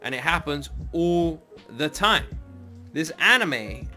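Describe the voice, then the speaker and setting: Guy reacting to anime, bright tone, gets hyped and swears a lot, bit of music in the background. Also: a little high, takes it slowly. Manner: excitable, swears casually, laughs often. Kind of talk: casual reaction commentary.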